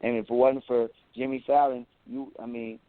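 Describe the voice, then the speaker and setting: A man talking as an interview guest, boastful and animated, who often repeats words as he goes. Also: mid-range voice, moderate pace. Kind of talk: casual interview talk. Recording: tinny phone-like audio.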